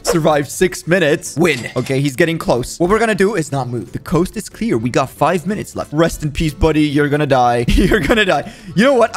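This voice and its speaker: A young man giving frantic, jokey commentary while playing a video game, often panicking and pleading. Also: on the high side. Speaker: gaming YouTuber. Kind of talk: gameplay commentary.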